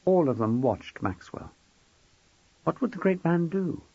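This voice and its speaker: A man narrating an audiobook with wry, expressive storytelling. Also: fairly high pitch, measured pace, vocal fry, breathy edge, no room sound. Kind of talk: scripted narration. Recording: dull dry close recording.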